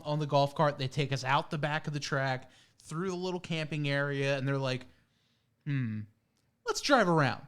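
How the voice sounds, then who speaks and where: Man telling a story in a higher voice. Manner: storytelling, acts out quotes. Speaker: podcast co-host. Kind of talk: casual chat.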